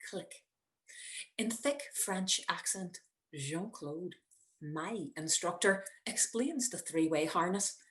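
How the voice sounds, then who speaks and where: Slow, wry woman storyteller. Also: on the low side, expressive. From Northern Ireland. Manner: wry, measured storytelling with dramatic pauses. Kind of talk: personal story reading. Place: home, indoors. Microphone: video call.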